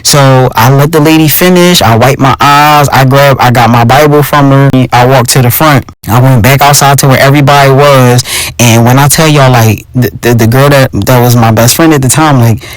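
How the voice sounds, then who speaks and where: A young adult man with a Philadelphia accent telling a personal story in a casual, profane, animated monologue as podcast host. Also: mid-range voice, moderate pace, dry recording, poor audio. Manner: animated, profane, addresses listeners as y'all.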